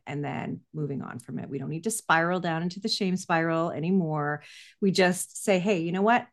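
Woman host, enthusiastic, emphatic, somewhat low voice. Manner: enthusiastic and emphatic, vivid hypotheticals. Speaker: podcast host, parent coach. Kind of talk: conversational interview.

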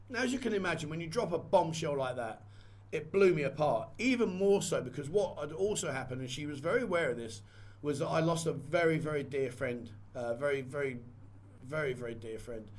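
Man vlogger, fairly high-pitched voice, candid, rambling storytelling, to camera. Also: lively intonation, fast talker. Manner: candid, rambling, repeats phrases. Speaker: vlogger and photographer. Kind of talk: casual personal storytelling.

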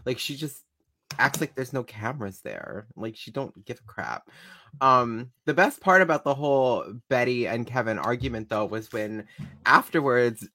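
A woman in a casual chat recapping a show, relaxed and chatty. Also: rumbling low, moderate pace.

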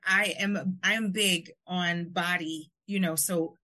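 A woman hosts a conversational podcast, her voice sitting a little low. She keeps agreeing with short affirmations and reflects her guest's points back. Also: steady tone, takes it slowly, sharp tone. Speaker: podcast host. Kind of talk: conversational interview.

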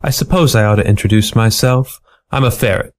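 Man reading a noir story, deadpan. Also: fairly low pitch, brisk. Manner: playful, deadpan noir delivery. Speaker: story reader. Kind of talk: storybook narration.

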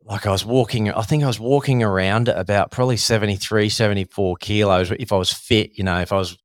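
An Australian man, a former Thai boxer, telling a story in a casual, animated way full of "sort of" and "like". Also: fairly low pitch, quick pace, no echo, clean studio sound.

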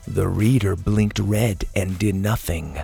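A male storyteller reads a children's space adventure in a low, calm voice. He narrates gently and expressively over faint background music. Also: takes it slowly, gravelly, slightly rough.

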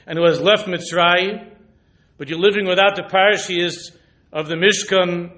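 Rabbi teaching in a slightly high voice. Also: male voice, fairly even intonation, moderate pace. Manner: weaves Hebrew and Yiddish terms into English teaching; drops to a hushed, intimate voice when retelling a story. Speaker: rabbi giving a Torah lecture. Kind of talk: sermon.

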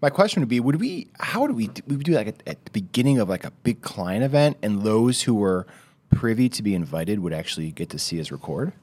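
Lively, joking male co-host. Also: fairly low pitch, a little fast, slightly rough. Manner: joking, laughs often. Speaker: podcast co-host. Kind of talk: casual chat.

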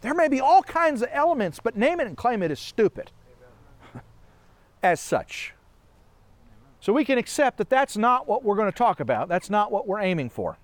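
Animated preacher, male, high voice, dry close recording. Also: moderate pace, long pauses, no echo. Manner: animated, asks many rhetorical questions, laughs often. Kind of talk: sermon.

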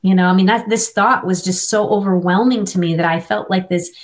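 A woman's voice: mid-range voice, fairly quick. Earnest middle-aged woman telling her story. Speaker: interview guest. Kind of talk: personal faith testimony.

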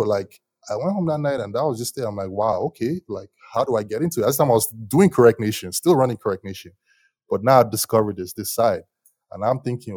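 Young male interviewee, low voice, dry close sound, lively slangy storyteller who laughs a lot. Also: no room sound. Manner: animated, slangy, laughs often. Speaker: musician guest.

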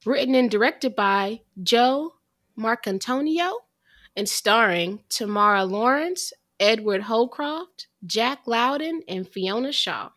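A woman co-hosting a podcast, talking about a film in an animated, chatty, self-deprecating way. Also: a little high, takes it slowly. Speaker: podcast co-host. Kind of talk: casual podcast chat.

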